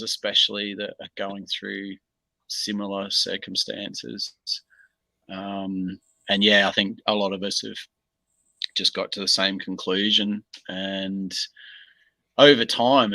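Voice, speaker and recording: Australian bloke, guest, easygoing with lots of pauses, lowish bright voice, dry sound. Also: male voice, no room sound, rough recording. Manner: laid-back, unhurried, many pauses and ums. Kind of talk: casual video-call interview.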